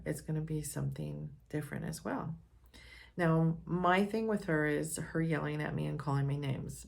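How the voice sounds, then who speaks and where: Candid woman, low voice, personal story talk. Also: gravelly, darkish tone. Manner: earnest, candid, measured. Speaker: speaker on personal growth.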